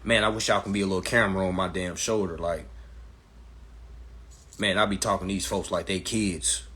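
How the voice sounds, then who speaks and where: A man hosting a casual phone livestream, talking in a brash, profane, animated way and slipping into mocking voices. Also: deep voice, a little fast. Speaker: livestream host giving legal advice.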